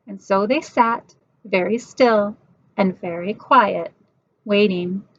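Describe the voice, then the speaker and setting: A woman reading a picture book aloud in a gentle, measured storytelling manner. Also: medium pitch, dull audio.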